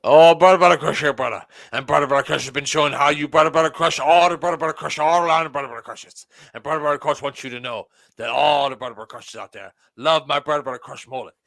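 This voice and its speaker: A man putting on a loud, bellowing male wrestler persona that keeps repeating "brother". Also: on the high side, fast, vocal fry, few pauses, no room sound.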